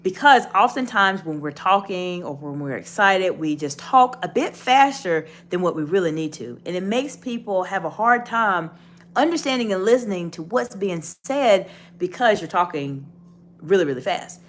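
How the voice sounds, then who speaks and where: Her voice fairly low yet bright, a woman teaches a leadership coaching lesson directly to the viewer, expressive and encouraging at a moderate pace as she instructs.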